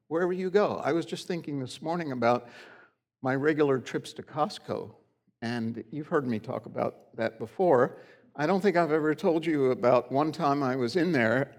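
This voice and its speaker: Conversational middle-aged male pastor. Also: fairly high pitch. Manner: conversational, folksy storytelling with frequent "uh". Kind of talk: sermon. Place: church sanctuary.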